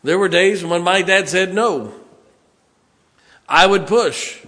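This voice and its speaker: A middle-aged pastor with a drawl preaches in a church sanctuary, his voice sitting a little high for a man. He talks to the congregation in a folksy, conversational way, leaning on everyday stories to make his point. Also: takes it slowly, a bit bright, in a large hall. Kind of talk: sermon.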